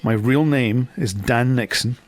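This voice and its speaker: Laughing Midwestern radio host. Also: male voice, mid-range voice, unhurried. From Ohio, USA. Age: 40s. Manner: confessional, laughs often, storytelling. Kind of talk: on-air radio chat. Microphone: studio microphone.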